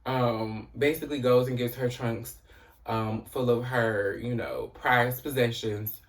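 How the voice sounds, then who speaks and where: A man talks through a TV episode in a loose, chatty recap, peppering his sentences with "you know" and "um" and the odd curse. His voice sits at an everyday middle pitch. He sounds a little distant from the mic. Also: measured pace. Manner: chatty, profane, frequent "you know" and "um" fillers. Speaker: TV recap host.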